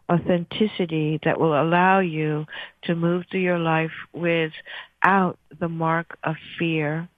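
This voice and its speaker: A woman radio host leading a guided breathing meditation in a slow, soothing, gentle way. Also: sits low, no room sound. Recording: thin phone-like sound.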